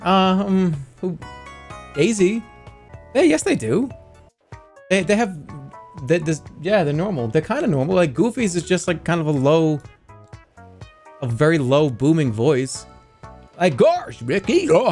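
A man with a slightly high voice streams casually, playfully sparring with his chat. He keeps a measured pace with frequent pauses but stays animated, and faint music is in the background.

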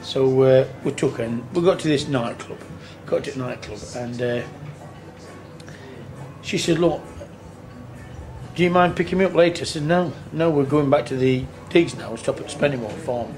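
Over music in a noisy on-location recording, a man who sings in a tribute band rambles through a casual, earthy anecdote. He swears and acts out quotes, speaking at a moderate pace in a mid-range voice.

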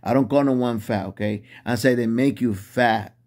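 A man preaches with burning conviction in non-native English. He repeats lines over and over and restarts when a word escapes him. His voice sits at an ordinary middle pitch. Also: moderate pace, a little mellow. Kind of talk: impassioned preaching monologue.

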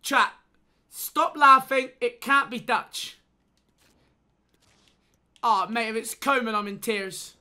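A young woman streaming a game with a high, bright voice. She talks to her chat in an excitable, pleading way, drawing her words out at an unhurried pace. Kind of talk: excited gaming livestream commentary.

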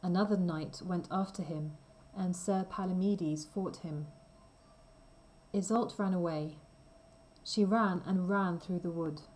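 A woman reading a simple storybook aloud slowly and clearly for language learners. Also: fairly low pitch, darkish tone, a little hiss or hum, poor audio. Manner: careful, deliberate reading. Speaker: reader.

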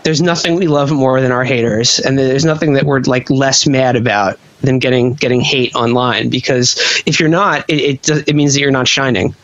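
A man's voice: medium pitch, steady tone, a bit bright, no room sound. A man co-hosting a comedy podcast, talking sarcastically and rambling in casual chat. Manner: sarcastic, rambling, quick jokes. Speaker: podcast co-host. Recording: dull lo-fi podcast audio, dry.

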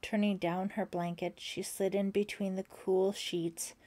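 A woman's voice: mid-range voice, flat delivery, measured pace, warm tone. A woman reading an audiobook aloud, voicing the characters and dropping to a whisper in tense passages. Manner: voices characters, drops to a whisper for tense moments. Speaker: audiobook narrator. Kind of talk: scripted narration.

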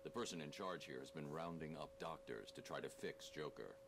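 An actor playing a grim, brooding male caped vigilante in a video game, speaking tersely in a gravelly growl, heard as game audio with a hum. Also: very deep voice, brisk. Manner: terse, commanding.

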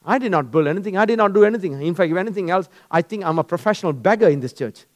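A male pastor delivers a sermon with a noticeably high voice. He tells stories with animation and speaks directly to his listeners. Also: very fast. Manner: animated, storytelling, acts out dialogues.

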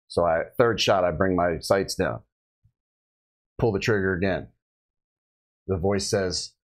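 A middle-aged man, a police officer, recounts a shooting on a podcast in a lowish voice, chatting casually and animatedly while slipping into the voices of the people he quotes. He's unhurried, leaving long pauses, and the recording is rough.

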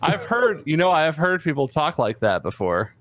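A man co-hosting a gaming podcast in casual chat, with dry, deadpan teasing. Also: on the high side, moderate pace, crowd noise. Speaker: podcast co-host.

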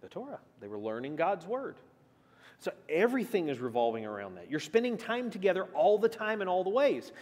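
A man's voice: sits high, sing-song, a little fast, a little mellow, in a large hall. A man teaching a church class in a conversational way, asking the group questions and shifting his emphasis often. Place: church meeting room.

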